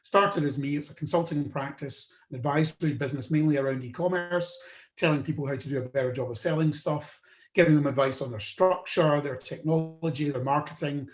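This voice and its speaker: A man's voice: fairly high pitch, brisk. A man from the UK hosting a podcast, telling the story of his own career in a loose, conversational way with fillers and restarts. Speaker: podcast host. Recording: roomy echo.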